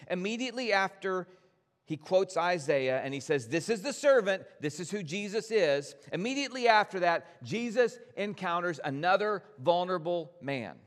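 A man preaching a sermon as pastor, gentle and earnest, addressing his congregation directly. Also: sits high, big-room sound.

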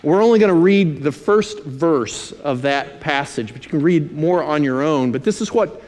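A man preaching a sermon, emphatic, slowing to stress key phrases and dropping in dry asides. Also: a little high, expressive, a little mellow. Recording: long hall reverb.

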